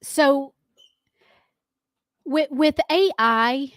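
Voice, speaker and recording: A woman's voice: sits high, extremely slow, no echo, clean studio sound. A woman co-hosting a morning radio show, chatting casually and telling rambling stories in an easygoing way.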